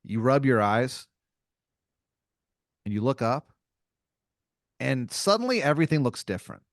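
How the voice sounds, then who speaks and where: A man's voice: medium pitch, very animated, unhurried, no echo, clean studio sound. A man hosting an improv podcast, narrating a made-up scene in second person with casual fillers. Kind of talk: improvised storytelling, game-master style.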